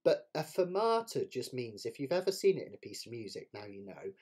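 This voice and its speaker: A man's voice: medium pitch, very animated, brisk, hardly any pauses, loud music behind the voice. A man teaching a live online ukulele lesson, chatty and self-deprecating, explaining each point as he demonstrates it. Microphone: webcam setup with close camera. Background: ukulele playing.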